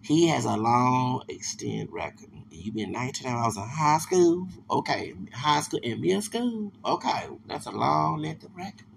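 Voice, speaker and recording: A man's voice: medium pitch, expressive, normal speed, gravelly, few pauses, a little hiss or hum. A man hosting a solo podcast, rambling and digressive, with many restarts and asides. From Texas. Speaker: podcast host.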